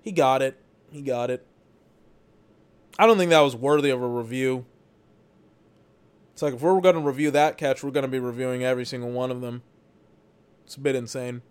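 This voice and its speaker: A man's voice: mid-range voice, fairly even intonation, brisk, pauses often, clear, resonant tone. A man giving rambling, exasperated commentary while he watches a football game for his podcast, swearing now and then. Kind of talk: live watch-along commentary.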